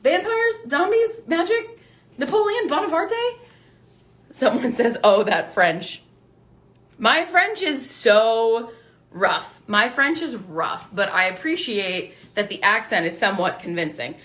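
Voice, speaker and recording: A young woman chatting casually as a book vlogger, excitable and swearing freely as she reads book blurbs aloud. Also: medium pitch, slow. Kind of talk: casual book haul chat to live viewers.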